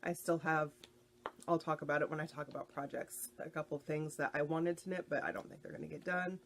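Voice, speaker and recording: A woman's voice: sits low, brisk, slight background noise. A woman from the United States hosting a podcast about knitting, chatting in an easygoing way. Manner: chatty and easygoing, with frequent fillers. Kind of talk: casual podcast chat.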